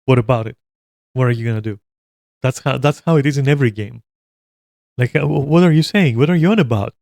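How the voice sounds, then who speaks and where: A man's voice: medium pitch, fast talker, creaky, darkish tone, dry recording. A man streaming a reaction, giving blunt opinions in a rambling casual rant full of swearing.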